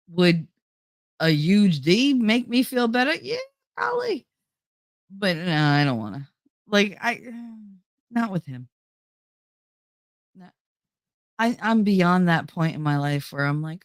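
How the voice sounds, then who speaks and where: This host speaks slowly with long pauses in a low voice, chatting through a story on her own show and quoting the dialogue with animation. She's feeling unwell. The recording is dry and studio-clean.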